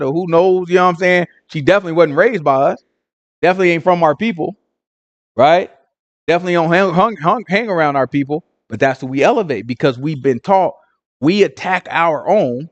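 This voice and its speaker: A man teaches a Sabbath congregation in a fairly high voice that leaps up and down as he fires off rhetorical questions. His delivery is loose and conversational. The sound is close and dry, with no room sound.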